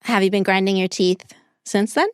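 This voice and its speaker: A woman's voice: mid-range voice, fairly even intonation, moderate pace, clear, resonant tone, no echo, studio quality. A woman producer asking the host curious follow-up questions in a casual podcast chat. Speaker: senior producer interviewing the host.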